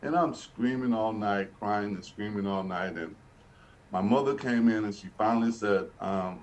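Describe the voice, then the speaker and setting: The recording, taken from a distance, captures a man from Birmingham, Alabama with a lowish, darkish voice at normal speed. Sitting for an interview, he earnestly recounts his life, often restarting and repeating phrases.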